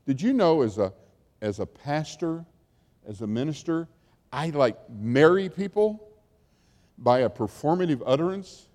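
A man's voice: on the high side, lively intonation, unhurried, long pauses, darkish tone. A man preaching a sermon as a pastor, in a conversational storytelling way that acts out quotes. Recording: long hall reverb.

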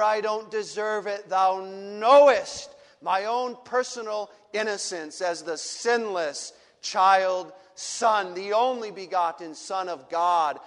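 A man preaching who voices Jesus as a grown man pleading in anguished prayer, emphatic and building louder, in a reverberant hall. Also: high voice.

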